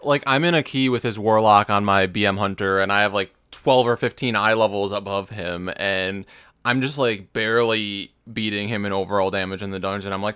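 Relaxed male co-host, low smooth voice, dry sound. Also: brisk, no room sound. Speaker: podcast co-host. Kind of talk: casual gaming chat.

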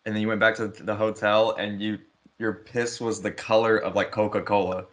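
A man's voice: on the low side, little pitch movement, normal speed. A man hosting a podcast, asking plain questions in an easygoing, casual interview style. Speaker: podcast host.

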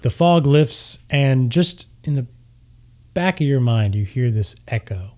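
Relaxed man running a tabletop game. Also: medium pitch, measured pace. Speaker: game master.

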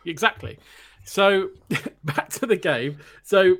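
A man with a somewhat high voice co-hosts a podcast. He explains a game at length in casual chat, looping back and restarting his sentences. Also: takes it slowly, fairly bright tone. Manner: rambling, restarting explanations with laughter. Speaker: podcast co-host and game reviewer.

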